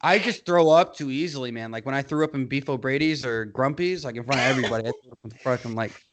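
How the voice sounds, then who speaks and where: A man's voice: medium pitch, quick pace. A young man co-hosting a podcast in casual chat, rambling, swearing often and laughing through his own stories. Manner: rambling, profane, laughs often, loud impressions. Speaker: podcast co-host.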